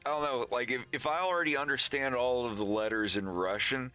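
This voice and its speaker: A man's voice: mid-range voice, fairly quick, bright, forceful tone, soft background music. A man in casual stream chat, rambling and laughing often as he talks through his cartoon. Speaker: animator streaming.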